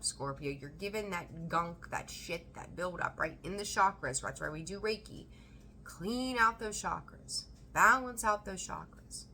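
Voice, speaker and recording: Woman, tarot reader, low-pitched voice, bright tone, emphatic, casual swearing. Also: a little hiss or hum. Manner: animated, emphatic, talks straight to the viewer. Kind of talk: intuitive tarot reading to camera.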